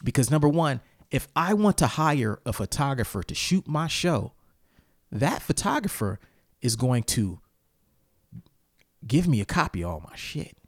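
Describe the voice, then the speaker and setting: A man's voice: medium pitch, unhurried, dry recording, studio quality. A man hosting a casual talk, telling heated stories with lots of swearing and sudden outbursts. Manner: profane, animated storytelling with heated outbursts. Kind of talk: casual ranting chat.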